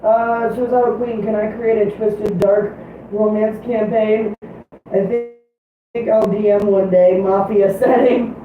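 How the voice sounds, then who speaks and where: Woman, livestream co-host, hoarse, profane and quick, distant mic in a boomy room. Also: flat delivery, very echoey, narrow, tinny audio, slight background noise. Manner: swears freely, rapid storytelling. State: voice getting hoarse. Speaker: streamer co-host. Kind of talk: casual livestream chat.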